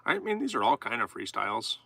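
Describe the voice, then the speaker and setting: A man's voice: medium pitch, big pitch swings, fast, vocal fry, bright, forceful tone, a little hiss or hum. A man live-streaming, chatting casually and goofily with viewers while he writes poetry. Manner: goofy, rambling, chatting to viewers. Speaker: streamer writing poetry with chat.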